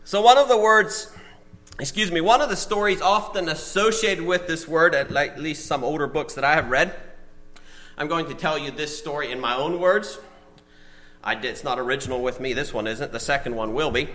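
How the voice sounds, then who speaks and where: A man preaching a sermon to a small congregation and listeners, telling stories and reading out lists, swinging between loud emphasis and soft asides. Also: on the high side. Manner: reads lists of words slowly, one at a time. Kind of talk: sermon with storytelling.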